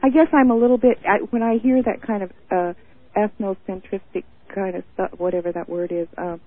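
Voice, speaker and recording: A woman's voice: medium pitch, fairly even intonation, fairly quick. A woman from Montana calling into a radio show, sassy and gushing, calling people honey. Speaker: caller. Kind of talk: casual phone call to radio show. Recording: tinny phone line.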